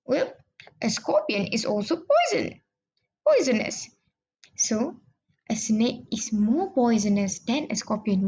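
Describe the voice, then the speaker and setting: A woman's voice: a little high, a little mellow, highs cut off. A young woman giving a mock online grammar lesson, patiently explaining step by step to an imagined class. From Malaysia. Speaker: trainee English teacher.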